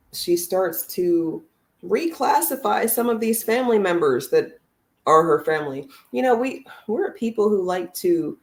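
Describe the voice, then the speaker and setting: A woman giving blunt, sarcastic, profane political commentary on a casual livestream. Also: on the low side.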